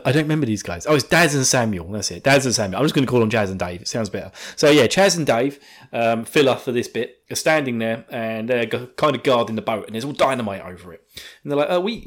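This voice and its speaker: A man chatting casually as a podcast host, joking and laughing often, recorded too close to his mic. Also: medium pitch. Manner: jokey, laughs often, puts on silly voices. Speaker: podcast host recapping an anime episode. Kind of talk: casual chat.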